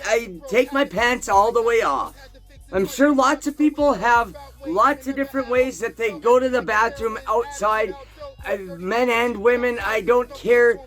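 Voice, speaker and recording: A man telling a crude, profane personal story in a casual, animated way, swearing constantly. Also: very high voice.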